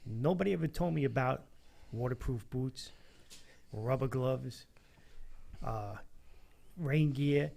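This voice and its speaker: A man's voice: mid-range voice, slow pace, vocal fry, long pauses, darkish tone. A man co-hosting a podcast, telling a story about his first day on a job. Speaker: co-host. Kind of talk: casual chat.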